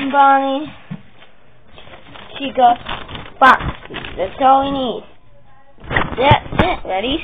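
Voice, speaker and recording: A woman hosting a casual vlog, chatting and rambling as she shows her drawings, with the hiccups and bursts of excitement. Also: sits high. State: has the hiccups. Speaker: channel host showing her drawings. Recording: tinny phone-like sound with faint noise.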